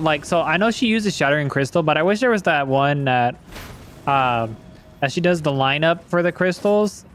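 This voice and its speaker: A man's voice: on the high side, animated, moderate pace, fairly bright tone, a little hiss or hum. A young man giving casual, rambling let's-play commentary as a gaming streamer, swearing freely and slipping into silly voices.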